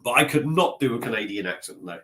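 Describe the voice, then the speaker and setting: A man with a slightly blocked nose rambles through a relaxed live stream from his desk at home. He laughs at himself, trails off and restarts often, and talks into a laptop mic. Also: mid-range voice, fast talker. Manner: rambling, self-mocking, chatty, reading out comments. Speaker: beer vlogger live-streaming. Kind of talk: casual live-stream chat.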